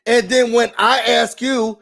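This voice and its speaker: A man hosting a reality TV recap, ranting casually in an animated, sassy way and cursing freely. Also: very high-pitched, measured pace, creaky.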